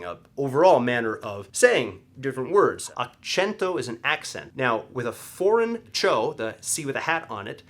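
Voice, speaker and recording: A young man with a mid-range voice gives a casual language lesson, explaining what words mean in an animated way and stressing syllables for emphasis.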